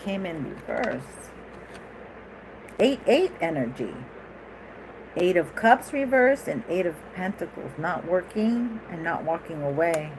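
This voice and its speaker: Woman tarot reader, lowish voice, rambling and chatty, noisy recording. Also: slow. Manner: chatty, animated, laughs often, rambling asides. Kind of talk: casual tarot reading.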